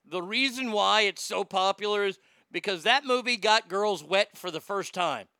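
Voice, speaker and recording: A podcast host with a bright, forceful, smooth and resonant voice reads listener comments in casual chat, ranting bluntly and swearing a lot. He swings from loud outbursts to low muttering at a normal pace. The recording is dry and close, with no room sound.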